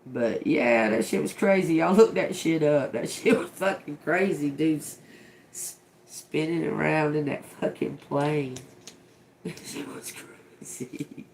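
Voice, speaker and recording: A woman's voice: low-pitched, unhurried, creaky, a little mellow, slight background noise. A middle-aged woman giving a casual, profane live tarot reading, muttering single words as they come to her and giggling often. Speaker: tarot reader on a livestream.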